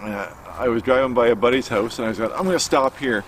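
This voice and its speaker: A middle-aged man casually telling a personal story to camera, halting with many fillers and restarts, recorded outdoors. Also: medium pitch, a little hiss or hum. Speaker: outdoor cooking vlogger. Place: outdoors by a campfire.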